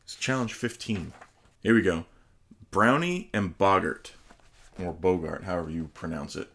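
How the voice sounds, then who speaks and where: Host with a very low voice doing a casual unboxing review, chatty and enthusiastic. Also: male voice, expressive, normal speed, fairly bright tone. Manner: enthusiastic, chatty, with hesitant pronunciations. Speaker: host reviewing tabletop game books.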